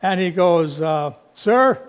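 Slow-talking high-voiced male pastor. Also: animated, muffled recording. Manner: unhurried, folksy, with fillers. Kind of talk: sermon with storytelling.

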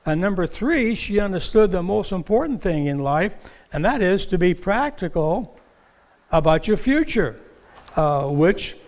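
An older man preaching a sermon as pastor in a church, slow and halting, with many fillers. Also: high voice, darkish tone.

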